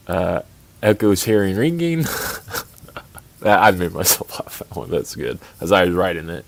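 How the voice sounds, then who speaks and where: A man's voice: low-pitched, sing-song, a little slow, gravelly, no room sound. A man co-hosting a casual podcast, rambling and mocking, full of restarts. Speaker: podcast co-host. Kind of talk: casual chat.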